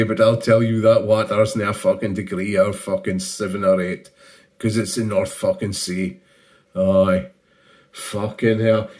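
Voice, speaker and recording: A man's voice: mid-range voice, a little mellow. A middle-aged man with a northeast Scottish accent, rambling through profane, storytelling chat in a casual hobby vlog. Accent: Scottish, northeast Doric. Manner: profane, storytelling, heavy swearing. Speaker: hobby painting vlogger.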